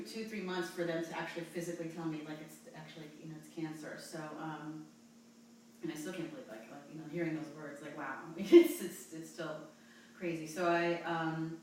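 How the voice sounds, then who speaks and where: A woman from New Jersey in her forties, telling a personal story in an interview with halting, rambling speech and many fillers. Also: sits low, distant mic, slight background noise. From New Jersey, USA. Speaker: interview guest. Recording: echoey room, voice from off-mic.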